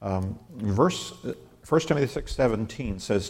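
A man teaching a verse-by-verse Bible study, reading scripture aloud and explaining the Hebrew grammar in a scholarly, unhurried way. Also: lowish voice, lively intonation, a little mellow.

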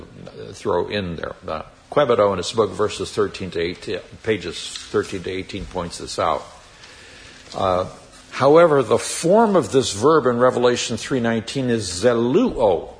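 A man giving a Bible teaching sermon, reading scripture emphatically and explaining it deliberately with occasional fillers. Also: fairly low pitch, a little hiss or hum.

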